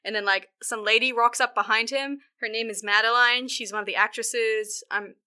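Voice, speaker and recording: A woman's voice: a little high, fairly even intonation, normal speed, pushed and bright, smooth. A woman in casual chat, animatedly retelling a film and acting out the characters in silly voices. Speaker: podcast co-host recapping a film.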